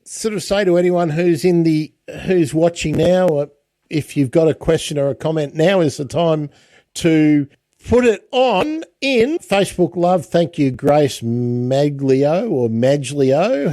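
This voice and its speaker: A man hosting a casual interview, chatty, with lots of halting restarts. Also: on the high side, mellow, no echo. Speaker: podcast host.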